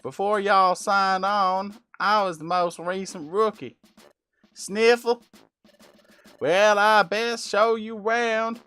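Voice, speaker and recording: A man's voice: fairly even intonation, slow pace, clear, resonant tone, full character voice. A man doing a hammy drawling rookie beaver. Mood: overjoyed folksy. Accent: put-on Southern US drawl. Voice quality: hammy folksy drawl, high and loud. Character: eager rookie beaver creature, male, sentimental.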